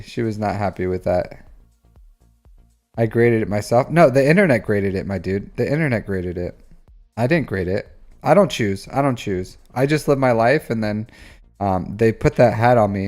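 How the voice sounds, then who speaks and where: A man in his thirties runs a live stream where he reviews game accounts, his voice medium-pitched and a little mellow. He chats casually with viewers, teasing them in a rambling, jokey way.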